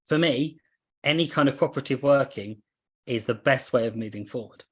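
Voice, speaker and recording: A man giving a presentation as a district officer, speaking in a measured way and listing his points in a steady rhythm. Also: mid-range voice, husky. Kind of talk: presentation to an online meeting.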